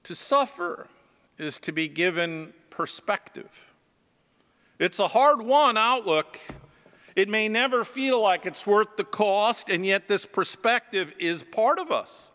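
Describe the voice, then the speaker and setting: A man, a pastor, preaching a sermon and telling stories in a slow, reflective way. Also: sits high, animated, sharp tone, big-room sound. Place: church.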